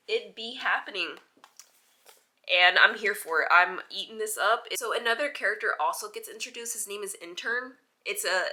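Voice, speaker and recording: A woman chatting casually in a book vlog, animated and informal, leaning on "like" and dropping the odd swear word. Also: mid-range voice. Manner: chatty and animated, heavy use of "like". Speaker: book vlogger. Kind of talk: casual reading vlog chat.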